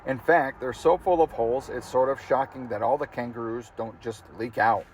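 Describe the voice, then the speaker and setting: A man's voice: medium pitch, steady tone, normal speed, a little hiss or hum. A man reading a humorous memoir aloud in a casual, amused way, now and then laughing at the text. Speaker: audiobook reader.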